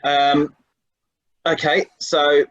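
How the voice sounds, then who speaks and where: A man's voice: a little high, flat delivery, very slow, fairly bright tone, no room sound, highs cut off. A man running a tabletop game as game master, chatting casually and laughing often.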